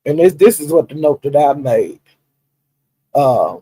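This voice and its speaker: A livestream commentator chats casually, retelling online drama with laughter and acting out the quotes as an animated storyteller. His voice sits on the high side and sounds husky, moving at a measured pace. The recording is rough.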